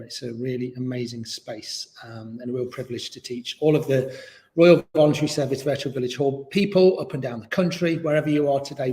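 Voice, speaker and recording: A man leading a gentle beginner yoga class in a relaxed, chatty, encouraging way. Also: medium pitch. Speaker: yoga teacher. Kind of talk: gentle guided yoga instruction. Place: yoga studio, indoors. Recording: very echoey, reverberant room.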